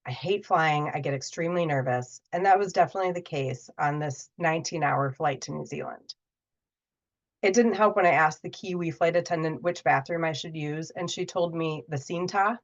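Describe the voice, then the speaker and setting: A woman tells a personal story in a relaxed, conversational way. Her voice sits a little low, and she livens up when she voices the people in it. The audio is dull and muffled. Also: moderate pace. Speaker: podcast guest, storyteller.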